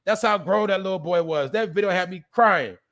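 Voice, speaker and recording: Speaking briskly in a high voice, a man runs a laid-back live stream, using street slang freely and calling out chat viewers by name.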